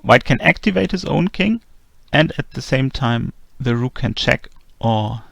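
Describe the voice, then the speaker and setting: A man teaching a chess endgame lesson in a calm, methodical voice-over, walking through the moves one by one. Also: mid-range voice, unhurried, creaky, no echo. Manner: methodical, calm move-by-move explanation. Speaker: chess instructor. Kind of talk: explanatory chess lesson narration.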